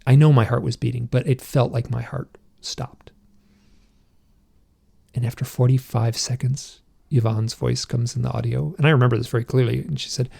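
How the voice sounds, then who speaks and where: A middle-aged man with a gravelly, husky voice tells his story as a podcast guest. He talks haltingly and intensely, restarting sentences and leaning on filler words. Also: mid-range voice, fairly even intonation, warm tone. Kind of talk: personal storytelling in conversation.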